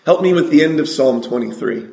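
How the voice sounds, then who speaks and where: A man from California preaching a sermon, asking the congregation questions and reciting scripture slowly. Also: fairly high pitch, animated, creaky, mellow, roomy sound. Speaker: pastor.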